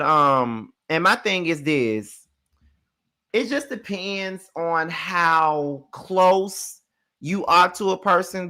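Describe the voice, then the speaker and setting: A young man hosting a casual reality show recap, telling it in an animated, sassy way full of swearing. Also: fairly high pitch. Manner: animated, profane, sassy retelling.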